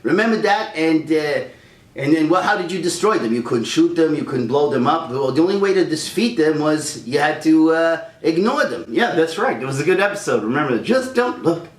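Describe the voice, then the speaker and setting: A man's voice: a little high, expressive, a little fast, reverberant. A man hosting a casual ranting chat, heated and rambling, stumbling over restarts. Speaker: YouTube channel host.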